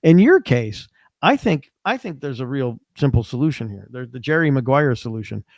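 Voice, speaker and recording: A man's voice: mid-range voice, sing-song, normal speed, a little mellow, no echo. A man co-hosting a podcast, chatting casually and rambling with lots of restarts. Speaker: podcast co-host. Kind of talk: casual chat.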